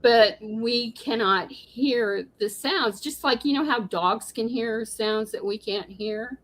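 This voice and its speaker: A woman appearing as a guest on a call-in show, explaining things in a measured, earnest way. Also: a little high, rough recording. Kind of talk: casual call-in chat.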